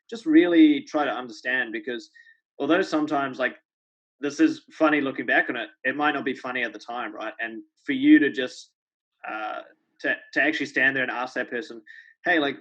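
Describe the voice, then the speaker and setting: A man's voice: mid-range voice, pushed and bright. A man hosting a podcast, speaking earnestly and reflectively, often adding "right?" as he talks. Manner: earnest, reflective, many tag questions. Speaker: podcast host. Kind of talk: podcast interview. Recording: dull lo-fi podcast sound.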